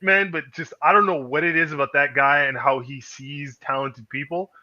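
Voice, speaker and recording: A man's voice: fairly high pitch, steady tone, moderate pace, sharp tone, lo-fi sound. A man hosting a casual podcast chat, telling stories animatedly, acting out quoted voices, swearing freely. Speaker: podcast host.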